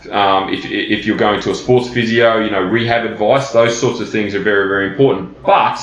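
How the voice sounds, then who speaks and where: A man's voice: on the low side, a bit bright. A man hosting a solo fitness podcast, talking bluntly and casually with plenty of fillers. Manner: blunt, conversational, many fillers. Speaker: personal trainer and podcast host. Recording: roomy, dull lo-fi sound.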